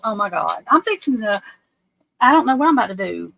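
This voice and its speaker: A woman's voice: mid-range voice, sing-song, fairly quick, vocal fry, fairly bright tone, dry recording, low-quality recording. A woman hosting a casual livestream, anxious and flustered, often breaking off and restarting her sentences. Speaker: livestream host.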